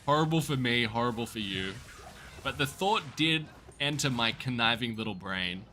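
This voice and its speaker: A man's voice: medium pitch, expressive, normal speed, sharp tone, a little hiss or hum. Upbeat Australian man streaming a game. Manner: upbeat, jokey, chatting to viewers while playing. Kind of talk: casual gaming livestream chat.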